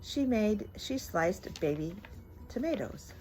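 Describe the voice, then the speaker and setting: An older woman, a grandmother, reading a children's bedtime story aloud in a gentle, lively manner. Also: medium pitch, slow, faint music behind, rough recording.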